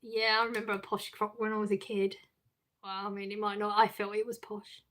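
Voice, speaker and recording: A woman's voice: medium pitch, flat delivery, brisk, a bit bright. A middle-aged woman hosting a casual live stream, chatting with her viewers, reading out their messages and laughing often. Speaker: livestream host reading chat. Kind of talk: casual chat.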